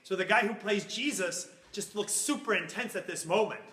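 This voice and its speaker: A man teaching a Bible class, animated and acting out little scenes in funny voices as he explains. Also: high voice, normal speed, echoey room.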